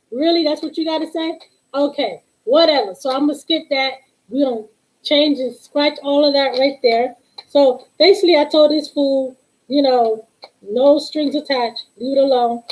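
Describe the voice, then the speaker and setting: A woman hosting a casual live stream, telling a story in a sassy, animated way and quoting the other side of the exchange. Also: high-pitched, moderate pace, poor audio. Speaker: tarot reader and live-stream host.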